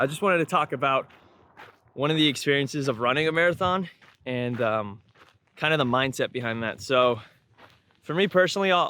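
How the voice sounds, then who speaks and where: A man's voice: a little high, pushed and bright. A young man vlogging casually outdoors on a windy day, rambling with lots of ums and uhs and correcting himself. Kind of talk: casual vlog talk to camera. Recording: faint wind noise outdoors.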